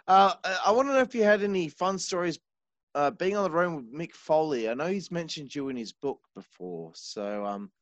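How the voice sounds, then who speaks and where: A man hosting a podcast in a loose, rambling way, swearing casually and trailing off into quiet mumbles. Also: on the high side, animated, moderate pace, no echo, lo-fi sound. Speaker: podcast host. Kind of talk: casual interview chat.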